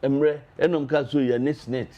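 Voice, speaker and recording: An argumentative Ghanaian man speaks as a party official on a political talk show. He pushes his points with energy, switching between Twi and English. His voice sits in a middle pitch. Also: fairly even intonation, moderate pace, highs cut off.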